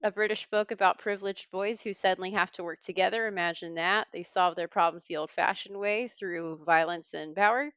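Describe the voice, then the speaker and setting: A woman hosting a trivia podcast, reading clues in a brisk, wry way. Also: lowish voice, steady tone, fairly bright tone, clear, resonant tone, no room sound, highs cut off. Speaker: quiz host.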